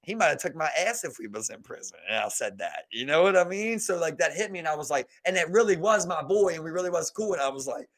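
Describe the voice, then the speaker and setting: A man's voice: fast, few pauses. A man with a Baltimore accent telling a story on a casual podcast, acting out the people in it and swearing freely. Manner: animated, acts out quotes in a low voice, swears freely. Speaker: podcast co-host.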